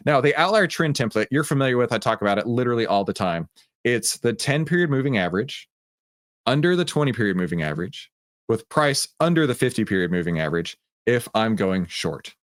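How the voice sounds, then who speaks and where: A Texan man talks through a live stock-trading stream in a loose, conversational way. He greets viewers by name and drifts through plenty of fillers at an ordinary middle pitch. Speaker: livestream host of a trading room. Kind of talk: casual live-stream talk.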